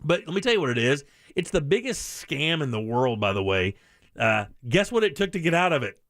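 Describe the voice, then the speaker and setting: Lively male radio host telling a story. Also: a little high, brisk, no echo, clean studio sound. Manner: animated, mocking storyteller who acts out voices. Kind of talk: casual storytelling on talk radio.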